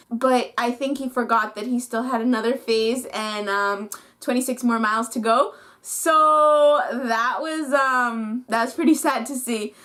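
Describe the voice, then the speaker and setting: A woman's voice: on the high side, a bit bright. A young woman recapping a reality competition episode in a casual, emotional, chatty way, full of "like" and "um". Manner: chatty, emotional, heavy use of "like". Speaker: reality show reviewer.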